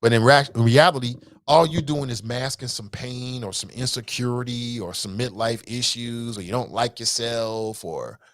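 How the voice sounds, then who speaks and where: A man hosting a casual call-in talk show, reading listener comments aloud and riffing on them in a blunt, animated way, swearing freely. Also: mid-range voice, moderate pace, hardly any pauses, no room sound, studio quality.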